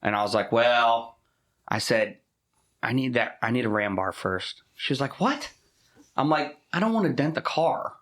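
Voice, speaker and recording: A man co-hosting a casual podcast, telling profane, animated stories about driving and his daughter. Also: medium pitch, normal speed, echoey room. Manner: profane, animated storytelling with laughs. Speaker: podcast co-host. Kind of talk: casual chat.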